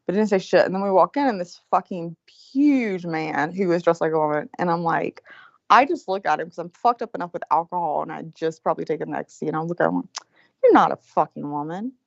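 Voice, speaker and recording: A woman in her forties rambles through a story with plenty of swearing and animated asides. Her co-host chat comes through a dull, lo-fi line with a dry, close sound. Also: lowish voice, fast talker, vocal fry, dry recording. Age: 40s. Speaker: show producer, co-host.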